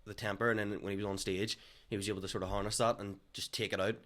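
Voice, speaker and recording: Young Northern Irish comic, low voice, rattles along at speed, bright tone. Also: male voice, flat delivery. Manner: very fast-talking. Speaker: guest comedian. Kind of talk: casual chat.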